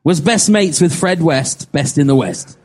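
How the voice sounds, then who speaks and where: A man's voice: a little high, lively intonation, a little slow. A man co-hosting a casual chat, giving showy, jokey introductions. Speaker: co-host.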